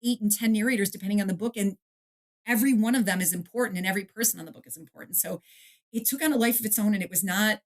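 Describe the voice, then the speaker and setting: Animated woman author telling stories. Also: medium pitch, rapid-fire. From Detroit area, USA. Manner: animated storyteller, acts out quotes, laughs often. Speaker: author and guest. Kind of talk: casual interview chat.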